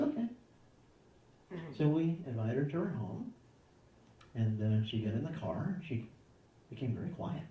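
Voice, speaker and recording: A man's voice: a little high, dark tone, roomy sound, far from the mic, lo-fi sound, slight background noise. A man answering parenting questions in a conversational way, acting out little dialogues in changing voices. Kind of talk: conversational advice talk.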